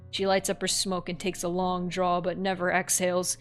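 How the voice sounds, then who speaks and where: A woman's voice: fairly low pitch, completely flat delivery, moderate pace, few pauses, clear, resonant tone, faint music behind. A woman streamer reading a horror text game aloud, breaking off for wry, offhand comments.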